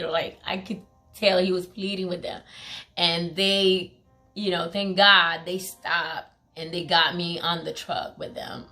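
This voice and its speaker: A young woman tells a personal story in a casual vlog, speaking emphatically with heavy use of "like" and other fillers, and acting out quoted pleas in a raised voice. Her medium-pitched voice is steady and sharp at a normal speed, with soft background music.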